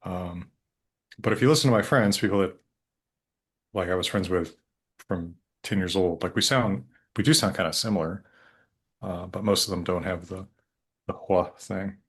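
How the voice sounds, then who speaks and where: Man, deep voice, Colorado Western drawl, thoughtful interview guest. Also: breathy edge. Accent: Colorado, American West. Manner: slow drawl, thoughtful, hedging. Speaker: guest linguist. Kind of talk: conversational interview.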